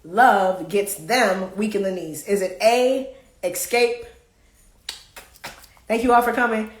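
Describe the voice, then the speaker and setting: A woman's voice: mid-range voice, slow. A woman hosting a live card game, reading questions aloud in a playful way and singing bits of songs. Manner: playful, sings song snippets, reads cards aloud. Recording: echoey room.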